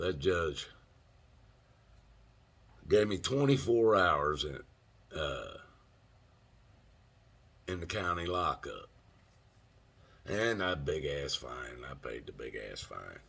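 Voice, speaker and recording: Southern man, deep husky voice, loose rambling storyteller who laughs and cusses. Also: a bit bright. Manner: rambling, laughs mid-sentence, swears freely. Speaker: storyteller host. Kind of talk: casual storytelling monologue.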